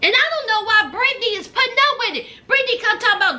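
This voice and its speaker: A woman's voice: very high-pitched, expressive, fast, pushed and bright. A woman recapping a reality show in casual chat, talking sassily and directly to the people on screen and to viewers in slangy speech. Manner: slangy and chatty, addresses viewers as y'all.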